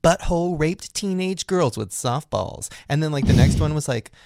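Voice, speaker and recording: A young man telling crude stories on a casual podcast. His pitch swings widely and his voice has a gravelly rasp. The sound is dry and close. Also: normal speed, no room sound. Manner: animated storyteller, crude jokes. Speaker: podcast co-host. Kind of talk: casual chat.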